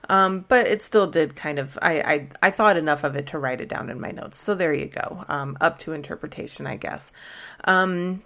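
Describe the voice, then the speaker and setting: A woman with a notably low voice talks casually as a podcast host, retelling a TV episode scene by scene. She rambles a little, with many fillers and restarts. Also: normal speed, creaky, a bit bright. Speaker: podcast host recapping a TV show. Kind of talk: casual recap chat.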